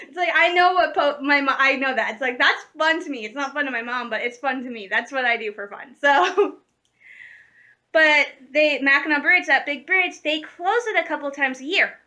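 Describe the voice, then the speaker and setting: Bright, high-voiced chatty woman. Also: normal speed. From Michigan, USA. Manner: rambling, chatty, laughs often, corrects herself mid-sentence. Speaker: vlogger. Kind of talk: casual vlog chat.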